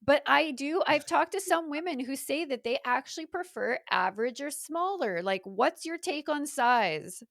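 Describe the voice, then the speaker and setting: A woman hosts a podcast in a relaxed interview chat and asks blunt, frank questions. Her voice is fairly high. The recording is dry and close, with almost no room sound. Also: moderate pace, creaky, few pauses, no room sound. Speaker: podcast host.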